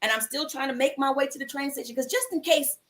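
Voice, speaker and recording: High-voiced woman telling an animated story. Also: fast. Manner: animated, acts out quoted voices, casual slang. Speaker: host of a mindfulness livestream. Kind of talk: inspirational storytelling to viewers. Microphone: livestream computer mic.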